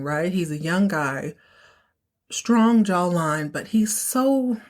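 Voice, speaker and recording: A young woman hosting a podcast, casually recapping a soap opera episode with sass and playful acting out of lines. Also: medium pitch. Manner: sassy, playful, acts out characters' lines in exaggerated voices.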